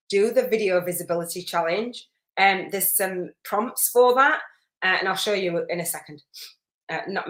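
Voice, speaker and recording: A woman hosting a live spiritual business masterclass, chatty and effusive, rambling with fillers as she reads out viewer comments. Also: on the low side. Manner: warm, effusive, rambling with many fillers and restarts. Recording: roomy echo.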